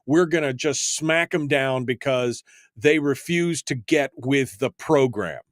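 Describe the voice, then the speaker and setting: A man's voice: medium pitch, slow, no room sound, clean studio sound. A man hosting a radio talk show, speaking bluntly and sarcastically.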